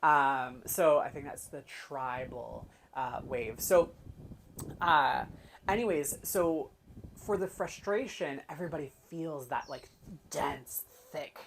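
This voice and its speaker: Low-voiced woman telling animated stories. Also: takes it slowly, gravelly, a little hiss or hum. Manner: animated storytelling, acts out quotes. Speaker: human design guide. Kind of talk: casual chat.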